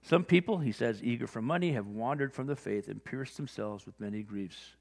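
A man preaching a sermon as pastor, telling stories and acting out both sides of conversations with lively energy. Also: fairly low pitch, moderate pace, vocal fry. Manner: animated storytelling, acting out conversations. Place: church sanctuary. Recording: long hall reverb.

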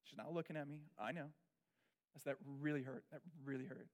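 A middle-aged pastor shares a personal story during his sermon, speaking candidly and with animation before dropping into soft, confessional tones. His male voice is a little high, and he talks fast.

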